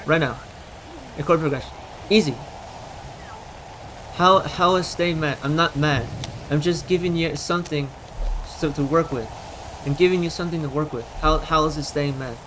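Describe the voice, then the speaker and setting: A man talking casually on a live stream while gaming, in a loud, projecting voice, often repeating himself for emphasis. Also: on the high side, moderate pace, long pauses, background noise.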